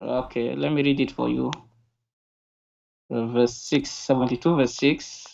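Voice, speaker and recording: A man calling in to a debate show, insistent and arguing back, reading verses slowly. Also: mid-range voice, level tone, gravelly, darkish tone, a little hiss or hum. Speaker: caller. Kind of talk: call-in debate. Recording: dull phone line.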